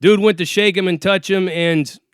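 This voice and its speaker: Here a former inmate, his voice high, smooth and steady at a moderate pace, shares prison stories. He's casual, profane and streetwise, acting out others' lines, and the studio recording has no room sound.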